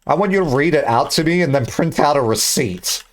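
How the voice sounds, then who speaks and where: Young man, streamer, casual rambling chat, lively up-and-down pitch, slightly high voice. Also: a little fast. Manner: rambling, joking, swearing, bursts of shouting.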